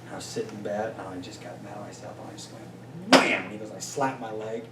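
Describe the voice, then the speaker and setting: A man giving an energetic motivational talk as a business coach to a small group, often checking in with "right?". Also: fairly low pitch, fast. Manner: energetic, peppers points with "right?". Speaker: business coach and guest speaker. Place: meeting room with a small audience. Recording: roomy distant sound with faint noise.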